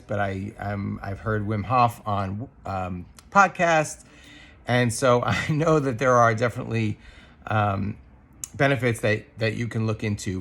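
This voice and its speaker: A man speaks in a slightly low, gravelly voice with a husky edge. He is a podcast co-host sharing a personal experience, earnest and thoughtful, pausing with ums and starting sentences over as he works through his thoughts. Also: a bit bright. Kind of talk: reflective personal monologue.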